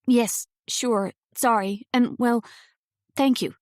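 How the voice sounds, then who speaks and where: A woman's voice: fairly high pitch, steady tone, slow pace, darkish tone, dry recording. A woman voicing a nervous young female visitor who talks in a flustered, hesitant way, in an audiobook. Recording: dry close studio sound.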